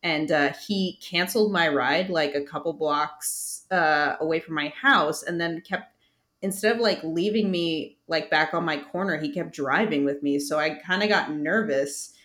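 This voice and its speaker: A young woman with a faint Brooklyn accent hosts a casual podcast chat. Her voice sits a little low and she tells stories loosely, full of fillers and the odd swear. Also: normal speed. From Brooklyn, New York. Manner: animated storyteller, swearing, many fillers. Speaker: podcast host.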